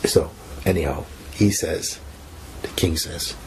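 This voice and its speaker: A man, a spiritual teacher, telling a teaching story softly and acting out the characters' lines. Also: sits low, fairly even intonation, slow pace, noisy background.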